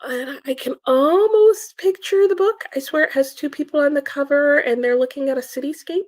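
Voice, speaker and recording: A woman's voice: high voice, brisk, a little mellow, no room sound. A woman hosting a livestream in casual chat, reading out viewer comments, still sleepy, giggling and stumbling over her words. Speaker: livestream host.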